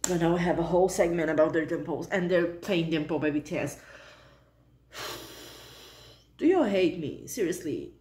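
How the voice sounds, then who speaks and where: A woman with a fairly low voice hosts a reaction channel, reacting aloud to a fan video. She is expressive, exclamatory, and chatty, and the sound is reverberant.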